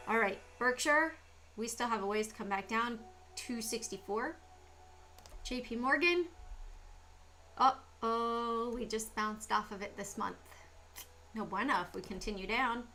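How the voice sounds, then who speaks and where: A woman hosting a stock market livestream, talking through charts in a casual, animated way with lots of rhetorical questions. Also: on the high side.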